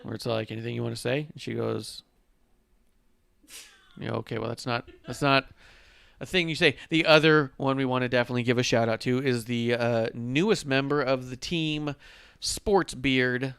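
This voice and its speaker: Two buddies' wrestling show: this host talks in a clean, resonant voice, close and dry on the mic, with no room around it. He keeps things loose and jokey, cracking wise between sips, mid-pitched and relaxed. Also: normal speed, gravelly, smooth, no room sound. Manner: joking, loose, drinks on air. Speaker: podcast host. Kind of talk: casual wrestling podcast chat.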